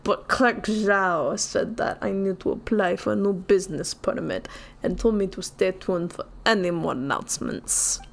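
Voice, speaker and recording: A woman's voice: lowish voice, moderate pace, hardly any pauses, close to an everyday voice. A tired, put-upon merchant in a broad fake Russian accent, voiced by a woman reading game dialogue aloud. He stays formal and polite, worn down by endless paperwork. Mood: weary. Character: weary male merchant buried in paperwork.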